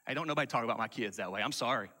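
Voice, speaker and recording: A man preacher voicing a proud, hot-tempered man who boasts about defending his kids, talking fast and brash. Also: medium pitch, bright, forceful tone, big-room sound, pitched below the performer's own voice. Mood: defiant.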